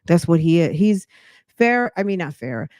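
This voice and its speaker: A woman's voice: on the low side, sing-song, normal speed, darkish tone, no echo, studio quality. A woman hosting a podcast, chatting casually and a little out of breath, talking straight to her viewers with slang. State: slightly out of breath. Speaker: podcast host. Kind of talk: casual commentary chat.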